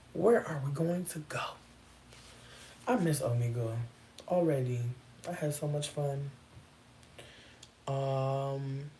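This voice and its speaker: A vlogger in a loose stream-of-consciousness chat, telling stories in a profane, slangy way that keeps leaping up into high exclamations. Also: mellow, slight background noise.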